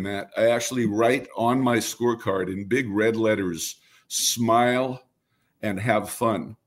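An older man from Brooklyn, a baseball broadcaster speaking earnestly as an interview guest. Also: on the low side. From Brooklyn, New York. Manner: reflective, earnest, many restarts. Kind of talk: conversational interview.

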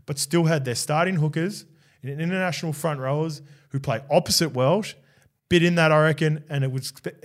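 Aussie guy cohosting a podcast, kinda high voice, relaxed, keeps nudging the other guy along. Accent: Australian. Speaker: podcast co-host. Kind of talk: casual podcast chat.

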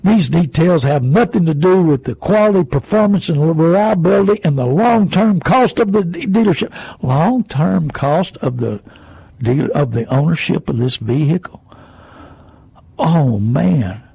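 A high, gravelly man talks radio in a folksy, animated way, firing off rhetorical questions. His voice is husky, recorded dry and close. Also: measured pace, no echo, rough recording. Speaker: used car dealer and radio host.

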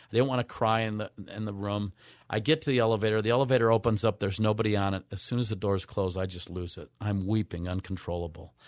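A man of mature years, a radio show guest, earnestly telling a personal story with halting restarts. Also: medium pitch, no echo, studio quality. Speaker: guest, author.

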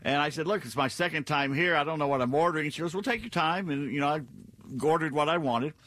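An older man co-hosting a talk radio show, telling stories in an animated way and acting out quotes, on a studio microphone. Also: a little high, fast. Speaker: radio co-host.

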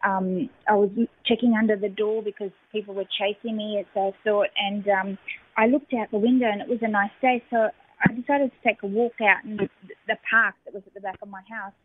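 A woman, a radio guest giving an emotional personal testimony, halting and full of fillers. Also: medium pitch, steady tone. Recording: phone-line audio.

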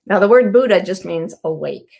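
A woman's voice: on the low side, animated, moderate pace, vocal fry, a little mellow. A woman hosting her weekly show, talking casually and intimately to her audience about awakening. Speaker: host. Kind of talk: casual spoken reflection to an online audience.

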